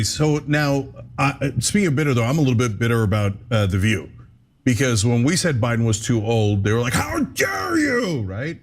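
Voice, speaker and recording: A man hosting a political talk show, mocking opponents with sarcastic, lively delivery. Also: lowish voice. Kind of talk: political commentary.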